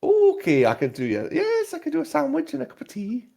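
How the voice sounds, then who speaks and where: A man's voice: very high-pitched, wildly swooping pitch, fairly quick, gravelly, dark tone, pitched above the performer's own voice, heavily acted. A man voicing a working-class female tavern keeper, chirpy and eager to please.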